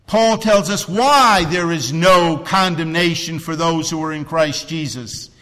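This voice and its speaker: Preacher man in a reverberant hall. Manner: swings between loud emphatic cries and hushed low passages; drawn-out, slowed phrases for emphasis. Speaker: pastor. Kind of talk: sermon.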